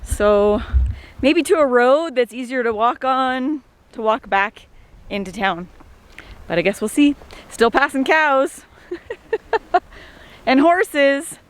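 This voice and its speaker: A woman's voice: high voice, lively intonation, slow pace, long pauses. A woman travel vlogger narrating casually on a hike, chatty and laughing easily. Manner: chatty, laughs often, enthusiastic. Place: outdoors on a hike, then in town.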